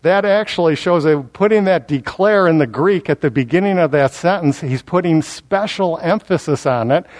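A man preaching an expository Bible sermon, building emphasis through repetition and slowing down on key words. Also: on the high side, a little mellow.

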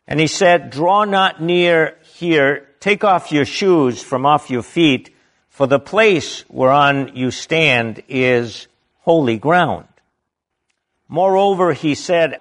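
A man preaching from the Bible, reading verses slowly and deliberately and stopping to add emphatic comments of his own. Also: medium pitch.

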